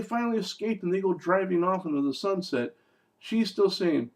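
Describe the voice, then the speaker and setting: A man's voice: high voice, lively intonation, brisk, darkish tone. A man reviewing a movie in casual talk, sarcastic and profane, with rambling asides.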